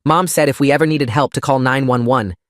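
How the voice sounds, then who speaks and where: Male narrator as a desperate young girl; high, tearful, in a dry close read. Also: a little fast, no echo. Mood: pleading. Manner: sobbing, pleading. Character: frantic young girl, terrified for her brother. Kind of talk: storytime narration.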